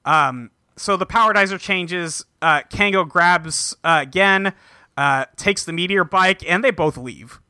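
A man co-hosting a casual podcast, recapping a show episode and reading out the characters' lines in a flat voice, swearing freely. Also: sits high, measured pace, smooth, no room sound, clean studio sound. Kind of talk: casual chat.

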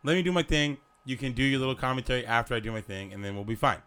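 A man co-hosting a casual comedy podcast, joking and swearing, with a slightly rough voice. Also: medium pitch, expressive, rapid-fire, bright, forceful tone. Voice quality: voice a bit rough. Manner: joking, profane, laughs often. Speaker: podcast co-host.

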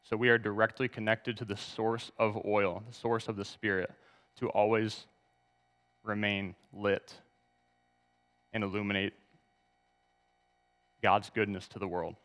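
Low-voiced male pastor preaching. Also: little pitch movement, measured pace, pauses often, fairly bright tone, long reverb tail. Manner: reads scripture aloud, asks congregation to turn to verses. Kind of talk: sermon.

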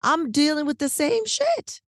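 A woman co-hosting a podcast, telling a long story in casual, animated, slangy chat, full of "like" and "right?". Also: sits high, measured pace, dry recording, clean studio sound. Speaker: podcast co-host.

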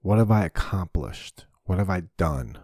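Low-pitched and a little mellow, this podcast-hosting comedian talks at normal speed with lively intonation and no echo. Alone in his small home basement studio, he rambles candidly and profanely, full of fillers.

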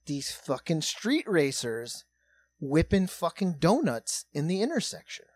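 Profane, animated man telling a story. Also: fairly high pitch, a little slow. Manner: profane, animated, swings between hushed and loud. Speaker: comedy podcast host. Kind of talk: casual comedic storytelling.

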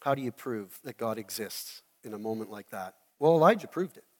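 A man preaching a sermon as a pastor, telling the story in an animated way and acting out the scenes. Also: fairly low pitch, a little fast, long reverb tail. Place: church hall.

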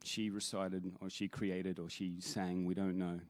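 Guy worship leader, kinda low voice, earnest sermon talk with lots of restarts, dry close sound. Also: flat delivery, unhurried, darkish tone, no room sound. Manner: earnest, with hesitant restarts and emphatic quoted scripture.

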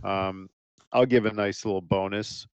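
A man's voice: on the low side, fairly even intonation, measured pace, clear, resonant tone, no echo. A man hosting a podcast, keeping his voice down as he steers the talk toward the ratings. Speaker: podcast host. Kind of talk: casual film discussion.

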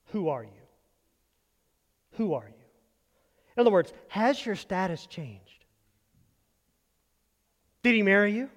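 A man preaching a sermon as pastor, animated, leading the congregation in call-and-response. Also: sits high. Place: church sanctuary. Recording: long hall reverb.

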